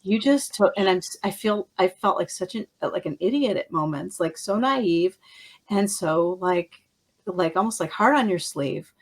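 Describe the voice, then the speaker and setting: A middle-aged woman hosting an interview, telling stories in a casual, animated way, laughing often and acting out what others said. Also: lowish voice, moderate pace. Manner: animated storyteller, laughs often, acts out quotes. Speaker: podcast host.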